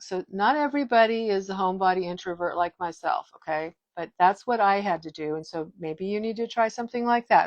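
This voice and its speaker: A woman's voice: on the low side, no room sound, highs cut off. A woman in her fifties giving a casual direct-to-camera monologue as a wellness vlogger, emphatic, firm and blunt, often restarting her sentences.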